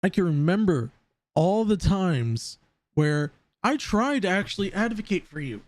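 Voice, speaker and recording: A man's voice: high voice, very animated, a little slow, a little mellow, no echo. A man live-streaming casual commentary, rambling and often stammering over repeated words.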